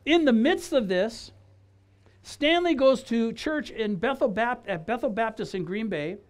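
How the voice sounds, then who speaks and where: A man from Wisconsin giving his personal testimony in an animated storytelling style, acting out dialogue and restarting his phrases often. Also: extremely high pitch, unhurried. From Wisconsin, USA.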